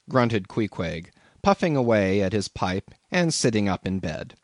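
A man reading a classic novel aloud as an audiobook narrator, in an expressive storytelling manner. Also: on the low side, unhurried, no echo, studio quality.

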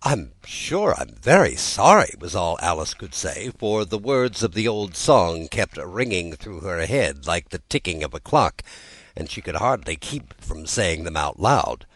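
Deep male voice reading a storybook, very lively up and down, dry close sound. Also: a little slow, no room sound, poor audio. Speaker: audiobook narrator. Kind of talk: storybook narration.

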